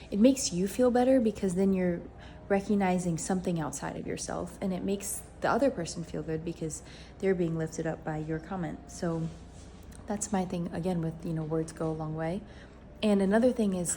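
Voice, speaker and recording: A woman's voice: fairly low pitch, dark tone, slight background noise. A young woman talking casually to her viewers at home in a rambling, upbeat vlog. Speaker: vlogger. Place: indoors at home.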